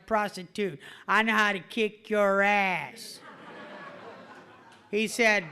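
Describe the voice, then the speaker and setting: A woman's voice: medium pitch, sharp tone, clean tone. A middle-aged woman giving a blunt, swearing testimony at a recovery meeting, laughing at herself. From California. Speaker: AA meeting speaker. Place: meeting hall before an audience.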